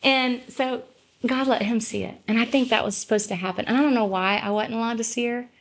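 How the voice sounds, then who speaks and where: A woman's voice: on the high side, fairly even intonation, fairly quick, a little hiss or hum. A middle-aged woman, a gospel singer guesting on a podcast, telling a personal story in an earnest, rambling way with many restarts. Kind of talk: casual storytelling in conversation.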